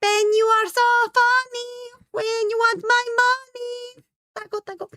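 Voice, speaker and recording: A woman doing a flirty, overdone impression of a glamorous female pop star, with a breathy manner. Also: extremely high pitch, flat delivery, a little slow, bright, forceful tone, no echo, studio quality, pitched above the performer's own voice, heavily acted.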